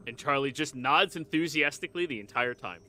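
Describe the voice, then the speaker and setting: A man's voice: medium pitch, a little fast, pushed and bright. A man playing a tabletop game, narrating his character's actions in casual talk. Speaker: player.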